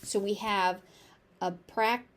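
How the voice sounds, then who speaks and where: A woman with a General American accent teaching pronunciation, saying each word several times slowly and deliberately. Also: medium pitch, steady tone. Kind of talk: slow, carefully articulated pronunciation lesson.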